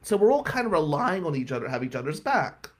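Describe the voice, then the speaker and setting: A man's voice: a little high, very animated, quick pace. A brash, blunt man telling stories from law school in a casual way, swearing as he goes. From New Jersey. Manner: brash and blunt, swears, voice climbs sharply when riled up. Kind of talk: casual storytelling.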